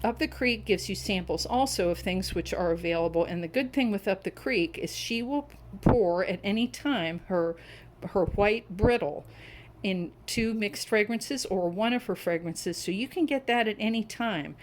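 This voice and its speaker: A woman's voice: mid-range voice, normal speed, a little hiss or hum, poor audio. A middle-aged woman chatting at home in a casual review vlog, enthusiastic and savoring each description. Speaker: wax melt reviewer. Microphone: camera on a tripod.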